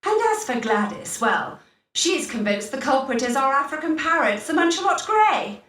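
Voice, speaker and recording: An actress voicing an excitable, fussy Elizabethan gentlewoman with theatrical olde-English speech, in a game. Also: high voice, moderate pace. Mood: gossipy. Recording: distant roomy game audio.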